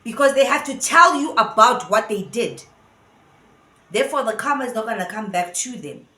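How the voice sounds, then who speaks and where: A woman's voice: fairly high pitch, animated, moderate pace, pushed and bright. A woman giving casual opinion commentary, earnest and rambling as she thinks aloud. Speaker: vlogger. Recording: roomy echo.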